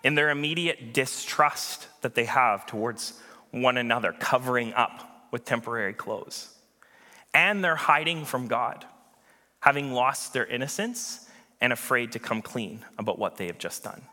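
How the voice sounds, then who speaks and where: A man preaching a sermon as pastor, earnest and emphatic, with dramatic pauses. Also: mid-range voice, sharp tone, long reverb tail.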